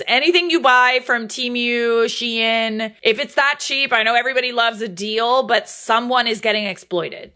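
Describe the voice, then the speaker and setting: A woman hosting casual reaction commentary, candid and chatty and quick to laugh. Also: mid-range voice, bright, forceful tone. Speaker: commentary host.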